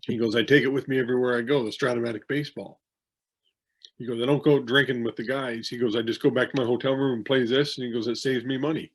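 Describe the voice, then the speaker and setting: A man's voice: mid-range voice, fairly even intonation, quick pace, breathy edge. A man co-hosting a podcast, telling rambling anecdotes with many restarts and fillers in a casual chat. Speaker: podcast co-host, wrestling promoter.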